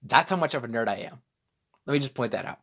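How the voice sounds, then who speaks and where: A man's voice: mid-range voice, expressive, fast talker, a bit bright. A young man vlogging casually, rambling and self-deprecating as he loses his train of thought. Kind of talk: casual vlog storytelling.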